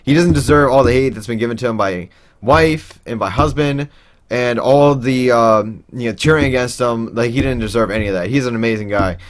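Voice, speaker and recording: A man's voice: medium pitch, a little fast. A young man telling a personal story in a casual, rambling way, with lots of fillers and restarts. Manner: acts out quoted people in raised voices.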